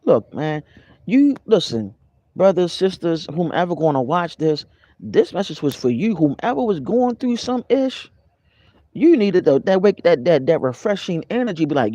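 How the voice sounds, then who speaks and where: This spiritual vlogger talks at a normal speed with a fairly high pitch and no echo. His casual, motivational spiritual talk is animated and conversational, and he greets his live viewers by name along the way.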